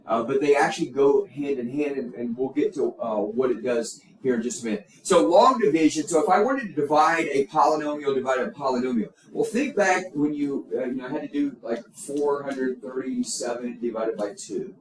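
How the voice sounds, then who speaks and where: A man's voice: medium pitch, normal speed, hardly any pauses. A middle-aged man teaching an algebra lesson, emphatic and repetitive, with many fillers and restarts. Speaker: math teacher. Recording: echoey room, distant mic, faint hum.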